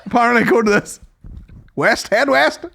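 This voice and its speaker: A man co-hosting a podcast, chipping in with quick jokes and banter in casual chat. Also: very high-pitched, vocal fry, bright, forceful tone. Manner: quick joking interjections. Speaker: podcast co-host.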